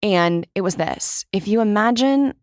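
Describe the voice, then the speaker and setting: A woman's voice: medium pitch, expressive, unhurried, darkish tone, dry recording, studio quality. A young woman hosting her podcast, talking in a candid, chatty way with lots of "like" and some casual swearing. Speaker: podcast host. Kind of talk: casual solo monologue.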